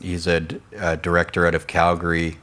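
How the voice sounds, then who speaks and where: A man with a very deep voice hosts a candid interview. He asks questions in a relaxed, rambling way and keeps the talk going with short yeahs and mm-hmms. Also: fairly quick. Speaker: talk show host, filmmaker.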